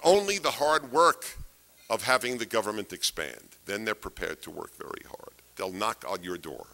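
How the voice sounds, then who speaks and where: Man, lecture delivery, bright forceful tone, hammers points by repetition, rhetorical questions. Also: on the low side, animated, moderate pace, vocal fry. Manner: emphatic, repeats key phrases, asks rhetorical questions. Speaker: speaker giving a talk. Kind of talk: political lecture to an audience.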